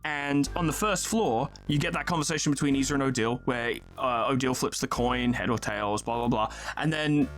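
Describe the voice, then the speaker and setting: A man's voice: mid-range voice, fairly quick, few pauses, faint music behind. A man talking over his let's play in casual video game commentary, rambling and correcting himself with apologetic asides.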